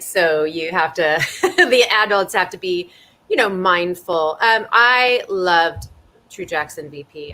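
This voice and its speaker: A woman's voice: lowish voice, sharp tone. A woman from Southern California, an actress chatting playfully and laughing often as a guest in a live online interview from home over a video call. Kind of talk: casual live interview chat.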